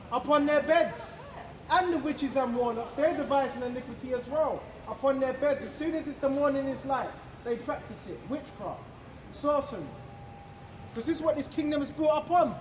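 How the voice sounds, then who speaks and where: A man's voice: extremely high pitch, roomy sound, noisy background. A man teaching scripture in an emphatic, repetitive way, asking rhetorical questions and answering them. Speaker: preacher. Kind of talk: street-style scripture teaching.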